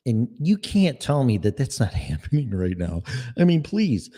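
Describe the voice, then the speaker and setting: A man's voice: mid-range voice, sing-song, moderate pace, warm tone, husky. A man, giving a profane, sarcastic, exasperated political rant. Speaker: political commentator. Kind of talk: ranting monologue.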